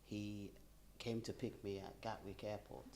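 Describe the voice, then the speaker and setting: Middle-aged woman, animated storyteller, gravelly voice, faint ambience behind. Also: very deep voice, unhurried, slight background noise. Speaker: bereaved participant. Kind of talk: personal storytelling in a group conversation.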